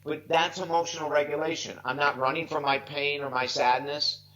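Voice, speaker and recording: Over dull audio comes a fairly high-pitched male voice, bright and forceful, with fairly even intonation and a moderate pace. The speaker, a life coach in his sixties, tells earnest, emotional stories on a video call, near tears, heartfelt and emphatic.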